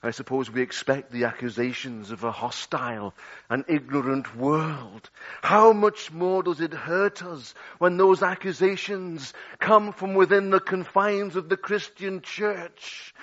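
A man preaching a sermon, swinging dramatically between loud outbursts and hushed, low passages. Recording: dull lo-fi audio.

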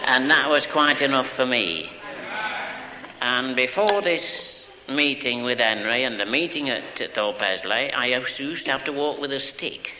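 A man's voice: medium pitch, expressive, unhurried, pushed and bright. A man giving an earnest spoken testimony of healing at a revival meeting. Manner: plain earnest telling. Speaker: testifying church member. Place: church hall. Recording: long hall reverb with crowd.

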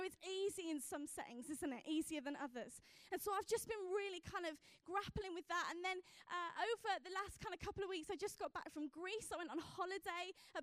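A woman's voice: very high-pitched, no echo, studio quality. A young woman giving a chatty personal testimony from a church stage as a youth evangelist, with lots of fillers as she tells her story.

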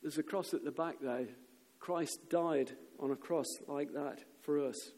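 Male preacher, lively storytelling sermon, reverberant church recording. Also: on the high side, measured pace. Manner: animated storyteller, shouts quoted crowds. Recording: long reverb of a church hall.

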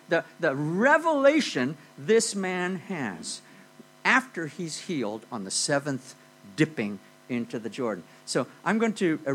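A man preaching a sermon, telling a Bible story in a lively, conversational way and checking in with "okay?" often. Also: fairly high pitch, a little hiss or hum, poor audio. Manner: animated storytelling with frequent "okay?" and "you know".

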